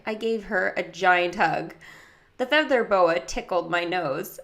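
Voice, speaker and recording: A woman narrating a children's book in the first person, lively, jumping up to higher pitch for other characters' lines. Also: a little slow, vocal fry. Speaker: audiobook reader.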